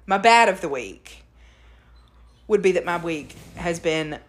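A woman's voice: on the low side, lively intonation, measured pace. Chatty woman podcast host. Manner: chatty storyteller, laughs often. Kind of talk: casual chat.

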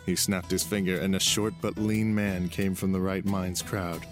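Deep-voiced man narrating a story. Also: flat delivery, normal speed. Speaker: audiobook narrator. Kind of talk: scripted narration. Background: music.

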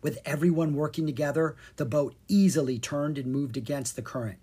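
A narrator giving an expressive reading of a children's storybook. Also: mid-range voice, brisk, breathy edge. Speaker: audiobook narrator.

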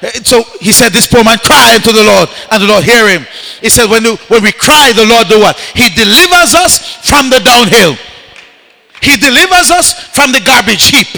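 A man preaches in a very high, sharp, gravelly voice. He drives a call-and-response sermon with shouted, repeated refrains. His voice rings out through a reverberant church hall. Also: lively intonation, normal speed. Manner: repetitive chanting of refrains. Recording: echoey hall.

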